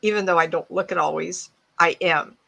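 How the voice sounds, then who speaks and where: A woman psychic with a bright, forward voice talks to an online audience in a loose, anecdotal way. She laughs easily and speaks through earbuds from her home. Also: on the low side, normal speed, vocal fry. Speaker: psychic medium guest speaker. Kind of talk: casual talk to an online audience. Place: home, mid-move.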